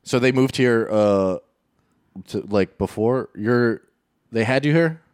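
A man hosting a podcast, teasing his guest with crude deadpan jokes. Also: medium pitch, slow, smooth, no echo, clean studio sound. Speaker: podcast host. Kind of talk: casual podcast chat.

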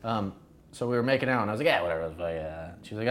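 A man's voice: on the low side, animated, racing. A man telling a story in casual chat, acting out the lines he quotes with lots of swearing.

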